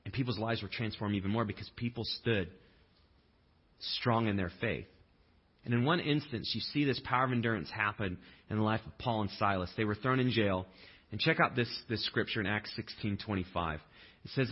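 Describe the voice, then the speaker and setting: A male pastor delivering a sermon in a relaxed, conversational way, with humorous asides and acted-out quotes. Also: mid-range voice, fairly quick, breathy edge, dull audio.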